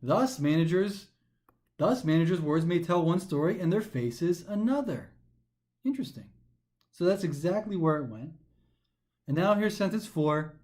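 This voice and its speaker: A male test prep instructor explaining test questions, reading passages aloud and then thinking them through in an animated way. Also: fairly high pitch, moderate pace, pauses often.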